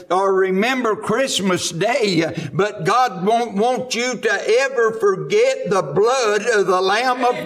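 A man's voice: high voice, fairly bright tone. A man with a Southern US accent preaching a sermon in a church, fervent and full of "uh" fillers. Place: church sanctuary.

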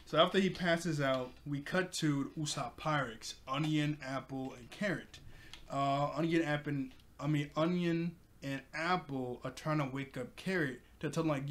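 A man's voice: fairly high pitch, a little slow. A man casually recapping an anime episode. He laughs often and keeps correcting himself as he goes. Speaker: anime reviewer.

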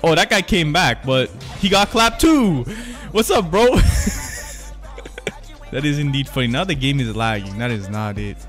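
A man's voice: mid-range voice, expressive, moderate pace, few pauses, a bit bright, faint music behind. A young man hosting a gaming channel, giving casual, slangy gameplay commentary and correcting himself often. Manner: slangy, hyped, self-correcting gamer talk.

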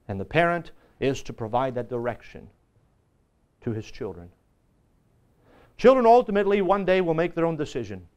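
A man's voice: a little high, very animated, normal speed, long pauses, darkish tone. A male pastor teaching a Sunday school lesson in a church, preaching fervently and repeating lines for emphasis.

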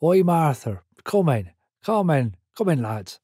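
A man's voice: a little high, big pitch swings, measured pace, warm tone, husky, dry recording, clean studio sound, full character voice. A man voicing a meek little old farmer with a Suffolk burr, in an audiobook memoir. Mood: welcoming. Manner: meek, obliging.

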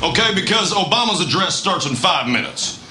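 A scheming, conspiratorial senator played by a man in a comedy sketch. He talks in a fairly high, lively voice and keeps giggling as he persuades. It is a replayed clip with echo and background noise. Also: normal speed. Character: scheming male senator rallying colleagues. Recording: sketch replayed in an echoey, noisy room.

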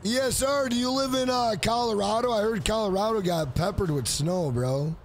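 A man's voice: high-pitched, normal speed, slight background noise. A man live-streaming a video game, chatting casually with his viewers, thanking them by name and calling them "bro" again and again. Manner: talks straight to chat, repeats "bro" often.

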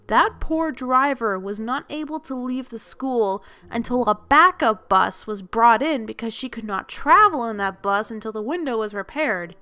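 A woman who works as a school bus driver, telling her stories as narration for an animated video in an expressive, lively way. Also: a little high, normal speed, few pauses, smooth, faint music behind. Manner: lively, expressive storyteller who acts out the people she quotes.

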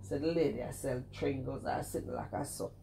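A middle-aged woman with a Jamaican accent, chatting in animated, scolding commentary that keeps circling back to the same point. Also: very deep voice, normal speed, vocal fry, a little hiss or hum. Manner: animated, scolding, repeats herself, exclaims "cheese and crime". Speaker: vlogger commenting on another streamer. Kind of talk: casual commentary chat.

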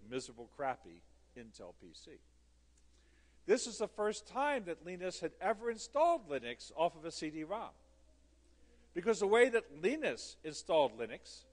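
A man giving a conference talk, telling an animated, theatrical story with emphatic repetition. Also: high voice. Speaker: conference speaker. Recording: long hall reverb.

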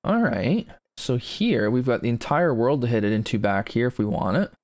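A man's voice: mid-range voice, animated, moderate pace, a little mellow, no echo. A man casually commenting while playing a golf video game, chatty and self-deprecating, rambling between shots. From grew up with English parents, not in Britain. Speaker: gaming streamer playing golf.

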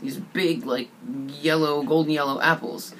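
A man casually recounting a tabletop game session in a fairly high voice, rambling along with plenty of fillers and swearing. A faint background noise sits under his voice. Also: flat delivery, unhurried, fairly bright tone. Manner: rambling and profane, with many fillers. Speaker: storyteller.

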